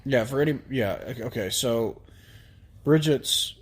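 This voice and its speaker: A man co-hosting a podcast in casual chat, easygoing and halting, with lots of fillers and restarts. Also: mid-range voice, breathy edge. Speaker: podcast co-host.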